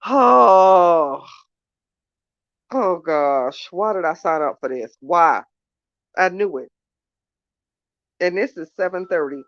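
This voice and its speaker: A woman's voice: on the low side, unhurried, long pauses, dry recording. Irritated lady venting straight at the camera, chatty, muffled dry phone audio. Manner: exasperated, ranting, talks straight to viewers. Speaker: vlogger. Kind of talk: casual chat to camera.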